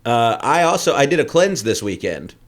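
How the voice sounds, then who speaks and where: A man's voice: medium pitch, big pitch swings, normal speed. A man co-hosting a comedy podcast, telling rambling, crude stories in casual chat. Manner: rambling, crude joking storytelling.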